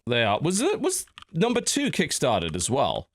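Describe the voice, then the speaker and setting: A man's voice: mid-range voice, huge pitch swings, normal speed. A man hosting a podcast in casual chat, telling stories with lots of restarts. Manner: chatty storyteller, many restarts. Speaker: podcast host.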